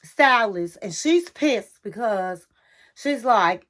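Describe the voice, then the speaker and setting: A woman's voice: sits high, big pitch swings, slow, pushed and bright. A woman hosting a casual reality TV recap, chatty and sassy, talking straight to the listener.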